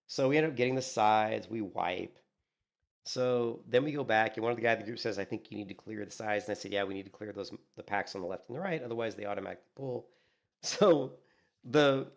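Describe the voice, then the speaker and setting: While streaming a game, this man tells lively stories in casual chat, imitating what other people said and leaning on fillers like "you know" and "like." He has a creaky, mid-range voice.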